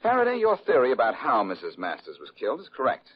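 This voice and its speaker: A male actor voices the wisecracking detective lead in a 1940s radio drama, breezy and teasing with quick quips, using a husky mid-range voice with huge pitch swings. The old recording is dull and lo-fi, with faint hiss.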